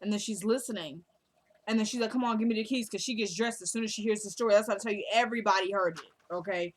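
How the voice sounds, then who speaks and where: A woman recapping a TV drama episode in a casual chat, quickly quoting the characters' lines as she goes. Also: mid-range voice. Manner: chatty, quotes characters in quick asides. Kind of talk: casual recap, acting out dialogue.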